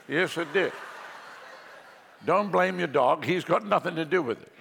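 A man's voice: fairly high pitch, expressive, a little slow, gravelly, long pauses, fairly bright tone, slight background noise. A male pastor preaching a sermon, telling jokes and stories to the congregation in a large church hall. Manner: joking, storytelling preacher. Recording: long hall reverb.

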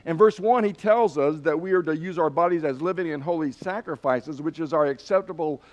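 A man's voice: on the high side, fairly quick, darkish tone, lo-fi sound. A man preaching a sermon in a loose, folksy way, with many fillers and restarts. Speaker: pastor. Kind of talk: sermon with a told joke.

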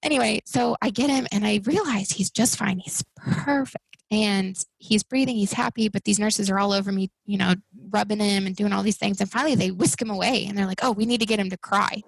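A woman in her thirties, a podcast guest, speaking in a casual conversational way and acting out other people's words in an animated voice while she tells her stories. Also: mid-range voice, brisk, creaky, few pauses, slightly rough, dry recording, low-quality recording. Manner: animated storytelling, acts out quoted people in raised voices.

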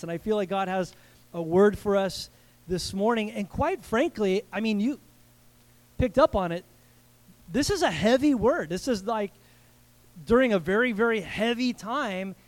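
A middle-aged man with a high voice preaches at a church service. He talks to the congregation in a relaxed, conversational way, with playful asides and frequent restarts. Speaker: guest pastor. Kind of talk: sermon.

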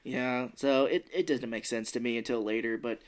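A man co-hosting a podcast and chatting through a movie plot. He talks loosely and swears freely. His voice sits at an ordinary middle pitch. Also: moderate pace. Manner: loose, profane storytelling. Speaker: podcast co-host. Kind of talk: casual movie recap chat.

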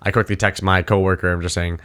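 A man's voice: low-pitched, little pitch movement, fast talker, a bit bright, clear, resonant tone. Man in his thirties telling a rambling story. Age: 30s. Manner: rambling, filler-heavy, swears freely. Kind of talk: casual storytelling chat.

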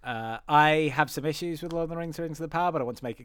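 A man's voice: a little high, lively intonation, fast, hardly any pauses, fairly bright tone, slight background noise. A man hosting a casual film podcast, wry and rambling, laughing often at his own asides. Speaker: podcast host.

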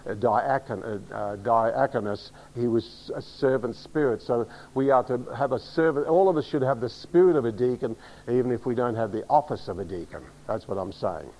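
A man's voice: medium pitch, normal speed, hardly any pauses, warm tone, rough recording. A pastor preaching a teaching sermon, emphatic and direct, often asking his congregation to agree. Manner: emphatic, spells words out, asks the congregation.

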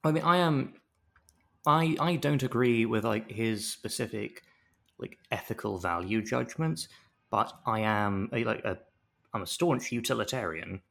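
With a medium-pitched, gravelly voice and an unhurried delivery, a man co-hosts a podcast recapping a TV episode. The talk is casual and animated, and he jokes around by acting out quotes in different voices.

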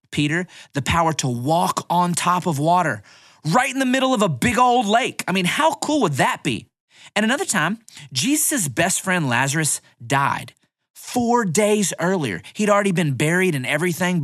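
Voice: mid-range voice, a bit bright, no room sound, studio quality. Playful storyteller teaching kids bible stories. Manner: playful, dramatic, addresses kids directly.

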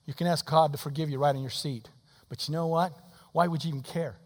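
A man in his sixties preaches an altar call in a church, his voice sitting high for a man. He drops to soft pleading and then rises to shouting. The sound carries a long hall reverb. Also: steady tone, fast. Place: church sanctuary.

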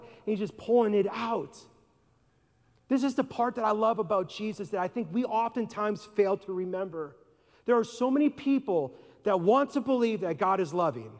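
A man's voice: sits high, expressive, moderate pace, a little mellow. A man preaching a sermon in a conversational way, asking the listeners questions and acting out voices. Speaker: pastor. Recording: long reverb of a large hall.

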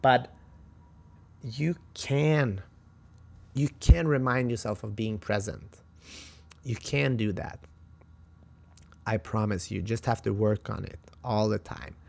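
Gravelly Swedish-accented podcast host. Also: male voice, lowish voice, takes it slowly, long pauses, a little mellow. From Sweden. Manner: chatty, motivational, with frequent restarts. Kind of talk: casual storytelling monologue.

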